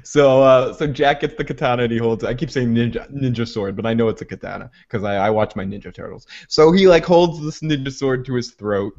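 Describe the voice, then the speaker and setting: A man hosting a casual TV recap, telling the story with energy and slipping into quick voices for the characters. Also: medium pitch. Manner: animated, acts out scenes in quick put-on voices. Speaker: show host. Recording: dull lo-fi recording.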